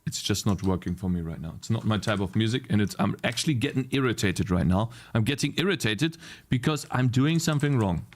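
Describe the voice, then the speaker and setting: With a lowish, expressive voice and a fairly quick pace, a young man chats to his stream while debugging his game code. He mutters repeated phrases and swears to himself, bouncing between irritation and delight.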